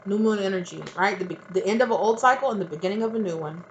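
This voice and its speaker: A tarot reader talks fast in a mid-range voice, offering casual, blunt, emphatic spiritual advice straight to the viewer, swearing freely and often adding "right?" The background is noisy and the highs are cut off.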